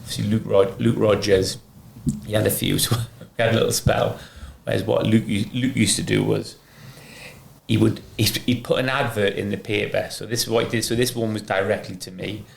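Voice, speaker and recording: A man's voice: on the low side, flat delivery, a little fast, gravelly. A middle-aged man hosting a casual podcast, chatty and laughing through his anecdotes. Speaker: podcast host, ex-footballer. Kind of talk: casual chat and storytelling. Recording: echoey room with faint noise.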